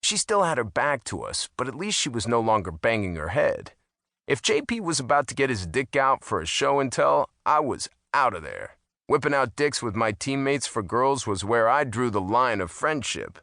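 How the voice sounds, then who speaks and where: A man's voice: mid-range voice, sing-song, moderate pace, sharp tone, no room sound. A man narrating a first-person audiobook in a wry, amused manner on a close studio mic.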